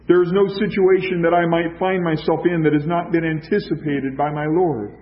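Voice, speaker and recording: A man's voice: a little high, a little fast, few pauses. Man preaching on a dull recording. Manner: emphatic preaching with rhetorical questions and repetition. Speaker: pastor. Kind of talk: sermon.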